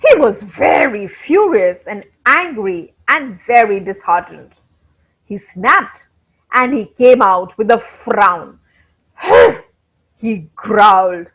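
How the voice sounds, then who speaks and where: A woman reading a story to children in an animated way, talking straight to her young listeners. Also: medium pitch, takes it slowly, breathy edge. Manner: animated, addresses the children directly. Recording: dull lo-fi recording.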